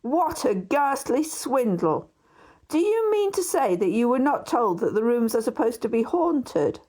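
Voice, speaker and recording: A woman voicing a gossipy male Victorian barrister neighbour in an audiobook, confiding and hushed at times. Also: on the high side, very animated, moderate pace, pitched above the performer's own voice. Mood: gossiping.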